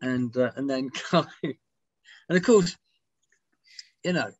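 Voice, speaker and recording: Man telling animated stories. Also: mid-range voice, slow, lo-fi sound. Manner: animated anecdotes, swears freely, acts out quotes. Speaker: interview guest, music writer. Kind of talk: storytelling in a casual interview. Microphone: video call.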